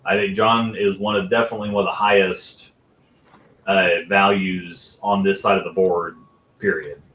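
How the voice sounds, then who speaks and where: A man's voice: low-pitched, little pitch movement, normal speed, a bit bright. A man co-hosting a podcast in casual chat, rambling with many restarts and fillers. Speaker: podcast co-host. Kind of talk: casual chat about bowling. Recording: roomy echo.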